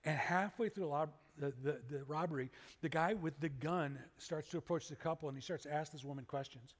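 A pastor giving a conversational sermon, moving between loud animated bursts and quiet earnest asides. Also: male voice, on the high side, brisk. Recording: long hall reverb.

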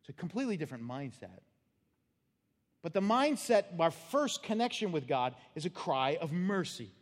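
A man preaching a sermon as pastor, animated and acting out the voices and cries of the story. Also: fairly high pitch, moderate pace, big-room sound.

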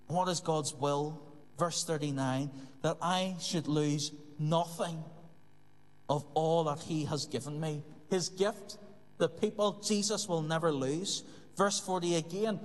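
Man, preacher, sermon, earnest, repeats phrases, fairly high voice. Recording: long hall reverb.

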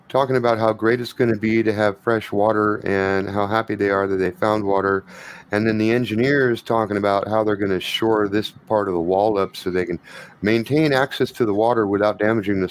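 A man with a fairly low voice runs a tabletop game. He narrates in a measured, hesitant way, stopping for fillers as he sets the scene. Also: poor audio. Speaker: game master.

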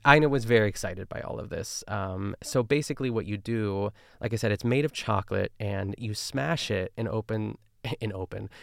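A man with a fairly low, gravelly voice talks in a loose, rambling podcast style, piling on fillers and side tangents. His voice is recorded close and dry, with no room sound behind it. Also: no room sound. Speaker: podcast host recapping a cooking show. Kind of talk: casual chat.

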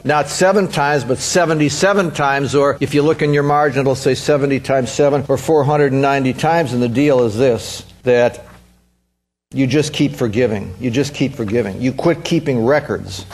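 A man's voice: medium pitch, moderate pace. A man preaching a sermon in an earnest, emphatic way, repeating phrases for stress.

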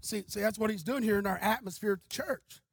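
High-voiced husky male pastor preaching. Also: quick pace, no room sound. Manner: storytelling, rising to shouting. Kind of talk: sermon.

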